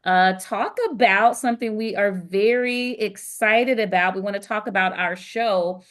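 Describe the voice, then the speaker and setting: A middle-aged woman co-hosting a podcast, telling stories in a lively way with frequent filler words. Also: medium pitch, unhurried. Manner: animated storyteller, frequent "um" fillers. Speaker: podcast co-host and performer. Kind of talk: casual chat.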